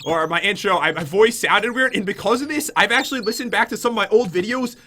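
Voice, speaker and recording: A man's voice: high voice, fast talker, pushed and bright, slight background noise. A young man from Connecticut chatting to his viewers in a self-mocking YouTube vlog. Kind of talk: casual vlog confession.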